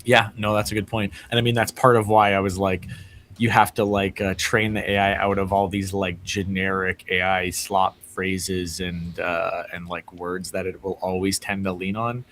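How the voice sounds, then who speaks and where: Easygoing low-voiced man chatting. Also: flat delivery, moderate pace, a bit bright, slight background noise. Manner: easygoing, heavy use of "like" fillers. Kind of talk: casual chat.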